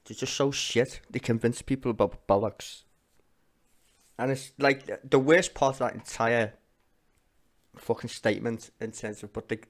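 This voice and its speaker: A man with a Liverpool accent, a streamer ranting angrily and swearing bluntly as he reacts to parliament. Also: medium pitch. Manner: sweary, blunt, angry rant. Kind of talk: ranting commentary.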